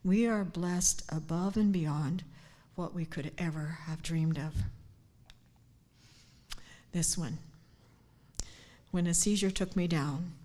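An older woman giving a heartfelt personal devotion, earnest and sincere, sometimes dropping to a hushed near-whisper. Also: on the low side. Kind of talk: personal devotional talk with scripture. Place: church gathering, speaking standing up.

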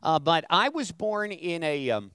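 A man's voice: fairly high pitch, very animated, a little slow, a bit bright, clear, resonant tone, dry recording, rough recording. A man in his fifties from Brooklyn, a guest preacher telling his testimony to a congregation with humor and call-outs. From Brooklyn, New York. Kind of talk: sermon testimony. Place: church sanctuary.

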